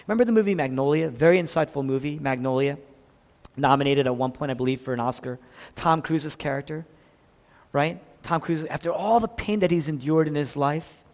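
Man preaching in an echoing hall. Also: moderate pace. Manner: dynamic preaching, acts out quotes with big swings in pitch and volume. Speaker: pastor. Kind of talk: sermon. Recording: long reverb of a large hall.

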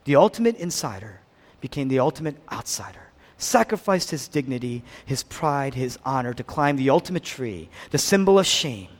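A man preaching a sermon as pastor, swinging between loud, emphatic build-ups and hushed near-whispers, with repeated questions to the congregation. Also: mid-range voice, sing-song, normal speed.

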